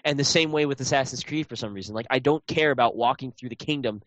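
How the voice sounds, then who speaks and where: A man's voice: mid-range voice, quick pace, fairly bright tone, no room sound. A man chatting casually about a video game, rambling with lots of fillers and restarts. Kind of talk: casual chat.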